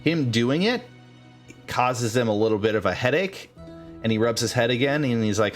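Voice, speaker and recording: A man narrating as game master, halting with many fillers and restarts. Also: medium pitch, lively intonation, soft background music.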